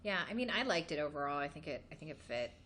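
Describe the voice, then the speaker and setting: A woman's voice: sits low, sing-song, fast, fairly bright tone, a little hiss or hum. A woman from Los Angeles co-hosting a podcast, gushing in casual pop-culture chat and swearing freely. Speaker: podcast co-host.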